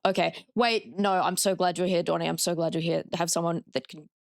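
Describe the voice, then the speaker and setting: A woman's voice: on the low side, fairly even intonation, a little fast, gravelly, dry recording, studio quality. An Australian woman streaming a horror game, chatting with her viewers and swearing freely. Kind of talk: casual live-stream gameplay commentary.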